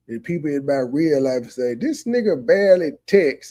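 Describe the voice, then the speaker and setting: High-voiced sarcastic man heckling. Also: expressive, fairly quick, hardly any pauses, a little mellow. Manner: mimics others in a mocking voice. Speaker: commentary streamer reacting to a clip. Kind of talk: casual mocking commentary.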